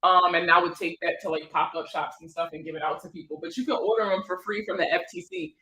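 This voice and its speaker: Host, female, 30s, Maryland accent; bright voice, laughs easily, loose and talkative. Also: fairly low pitch, fast, poor audio. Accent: Prince George's County, Maryland. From Maryland, USA. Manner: laughs a lot, chatty and joking. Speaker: host of a credit advice livestream. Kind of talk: casual livestream chat.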